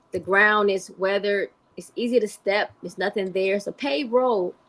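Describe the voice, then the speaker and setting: A woman's voice: on the high side, fairly bright tone. A woman hosting a live stream, delivering heated commentary in an emphatic, profane way and repeating points for emphasis.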